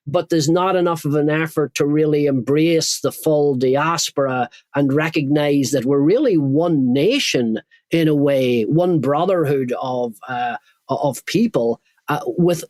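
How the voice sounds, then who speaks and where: A man's voice: a little high, a little mellow, no room sound. Earnest Irish man, dry sound. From Ireland. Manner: earnest, searching for words, restarts. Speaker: guest. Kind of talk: podcast interview.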